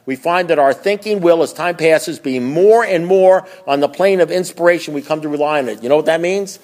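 Man, recovery meeting speaker, slightly high voice, folksy and emphatic, repeats himself. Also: animated, fairly quick, few pauses, darkish tone. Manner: reads aloud then riffs, repetitive, emphatic, folksy. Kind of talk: speaking at a twelve-step meeting.

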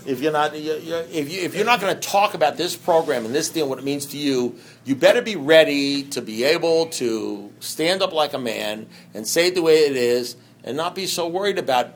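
A man speaking to a recovery meeting in a rambling, conversational way, full of "you know" asides, swinging between loud bursts and quiet low stretches and acting out dialogue. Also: moderate pace, hardly any pauses, a little hiss or hum. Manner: acts out dialogue in anecdotes. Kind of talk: personal recovery talk to an audience.

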